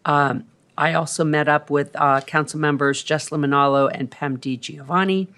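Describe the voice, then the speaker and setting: Older woman on city council rambling thru her report, lots of ums, kinda low voice, desk mic in a council room. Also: fairly even intonation, moderate pace, a bit bright. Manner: chatty, rambling storyteller with many ums. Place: council chamber.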